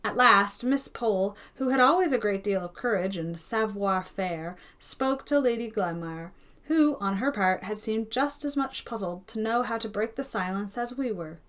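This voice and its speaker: A woman narrating a classic novel in a calm, measured storytelling voice. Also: mid-range voice. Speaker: audiobook reader. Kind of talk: scripted narration.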